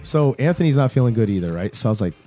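A man with a voice hoarse from a cold, chatting casually as a podcast co-host and rambling through a story with lots of fillers. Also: mid-range voice, animated, racing, warm tone, soft background music. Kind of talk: casual chat.

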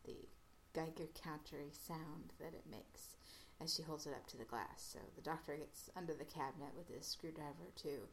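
A woman casually retelling an episode's plot as a podcast host, halting often with fillers and restarts. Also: low-pitched, steady tone, creaky, slight background noise.

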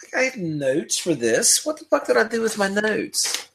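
Rambling, animated man joking about wrestling. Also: high voice, moderate pace, gravelly. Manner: rambling, joking, trailing off mid-sentence. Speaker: podcast co-host. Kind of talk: casual wrestling chat.

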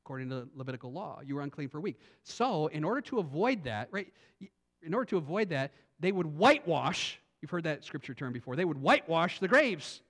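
A male pastor preaching a sermon, animated, swinging from quiet thinking-aloud asides to loud emphatic lines. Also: a little high, fairly quick. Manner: repeats words and restarts as he thinks aloud.

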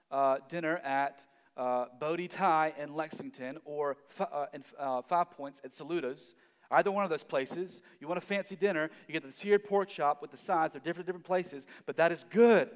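A man preaching a sermon. He swells to loud emphasis and then drops almost to a hush. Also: a little high, in a large hall. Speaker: pastor.

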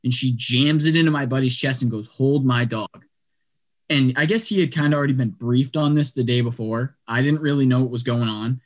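A man telling a long story in casual chat, animated and acting out what people said, with lots of "like" and quick restarts. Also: mid-range voice. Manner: animated, acts out quotes, lots of "like".

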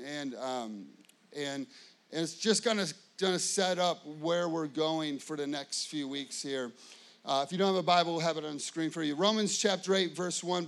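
A man's voice: high-pitched, fairly bright tone. A man preaching a casual sermon as pastor, loose and conversational, checking in with his listeners. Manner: conversational, loose, with many fillers and audience check-ins.

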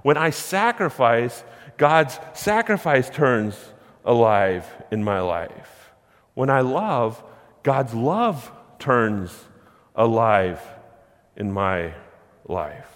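Man, pastor, preaching, middle pitch, dynamic delivery, reverberant church hall. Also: lively intonation. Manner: swings from hushed to loud, slows on key words. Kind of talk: sermon. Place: church sanctuary.

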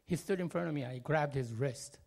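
A man from Korea telling a family story in English. His voice sits fairly high and has a gravelly edge, and his delivery is animated and expressive. He often swings from loud to quiet and fills pauses with small fillers.

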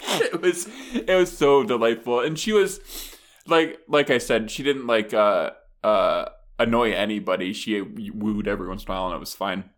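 A man co-hosting a podcast, telling an animated story in casual chat, laughing often and acting out the people in it. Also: lowish voice, normal speed. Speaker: podcast co-host.

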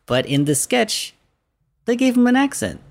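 A man's voice: very high-pitched, very animated, moderate pace, gravelly. A man co-hosting a podcast, chatting casually and rambling with hedges and fillers. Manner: rambling, hedging, lots of fillers. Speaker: podcast co-host.

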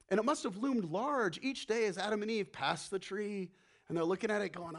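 Speaking at a normal pace in a high voice, a man preaches his sermon animatedly. He performs the voices he quotes and falls to a hush when he wants to stress something.

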